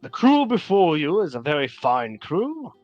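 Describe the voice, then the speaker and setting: A man's voice: a little high, wildly swooping pitch, measured pace, darkish tone, dry recording, lo-fi sound, faint music behind. Tired uncle , guy doing the voice, earnest, worn out, dry close sound. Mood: weary. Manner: weary and earnest. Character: tired, weary middle-aged uncle returning home.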